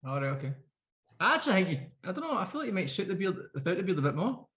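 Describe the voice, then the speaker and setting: A Scottish man co-hosting a podcast, teasing his co-host in quick banter. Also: high-pitched, very animated, a bit bright. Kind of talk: casual podcast chat.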